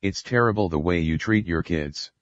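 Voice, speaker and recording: A man's voice: sits low, moderate pace, dry recording, lightly acted. A man reading the part of a protective mother who stands up for her child against her husband, in a dull lo-fi recording. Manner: pleading, then shouting back. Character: protective mother, adult woman, fierce defender.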